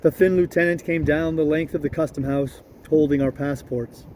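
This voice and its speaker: A man reads a novel aloud at a steady, unhurried pace and now and then corrects himself. His voice is mellow and pitched a little high. Faint street sounds drift in behind him. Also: slight background noise. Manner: steady, unhurried reading with small self-corrections. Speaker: audiobook reader.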